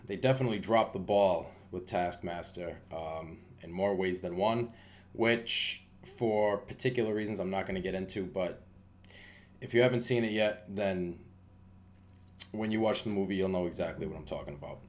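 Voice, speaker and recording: Man, movie reviewer, casual talk, lowish voice, rambling with fillers. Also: normal speed. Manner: rambling, many fillers and restarts.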